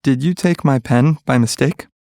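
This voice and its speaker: A man reading short English practice sentences one by one, clearly and evenly. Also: medium pitch, no room sound, clean studio sound. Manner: clear, even, measured delivery of single sentences.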